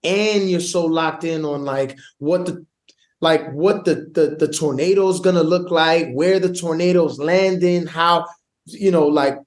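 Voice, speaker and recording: A man with a New York accent talking in a loose, slangy way, often restarting his sentences. His voice sits fairly high for a man. It sounds like a relaxed podcast interview. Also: measured pace. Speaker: guest actor. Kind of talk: casual interview chat.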